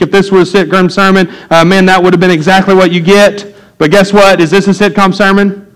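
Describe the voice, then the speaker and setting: A man preaching a sermon as pastor, earnest and building to loud, excited preaching. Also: high-pitched, moderate pace, smooth, rough recording.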